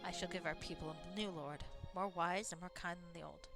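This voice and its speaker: A woman's voice: lowish voice, steady tone, brisk, music in the background, natural voice. A woman voicing a grave male rebel leader in a fantasy game, reading his lines solemnly.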